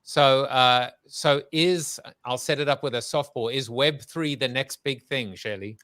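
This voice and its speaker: A man's voice: mid-range voice, a little slow, fairly bright tone, no echo. A man hosting an interview, telling a story loosely with plenty of fillers. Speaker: podcast host. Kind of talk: conversational interview.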